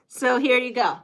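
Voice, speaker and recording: A middle-aged woman hosts a relaxed livestream, chatting away to her viewers. Her talk is rambling and friendly in tone, easygoing everyday conversation. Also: sits high. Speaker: quilting channel host. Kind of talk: casual livestream chat.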